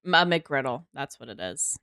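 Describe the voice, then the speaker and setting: A woman's voice: a bass voice, big pitch swings, moderate pace, pushed and bright, dry recording, studio quality. A woman streaming a game live, chatting casually to her viewers, swearing freely and talking to herself as she plays.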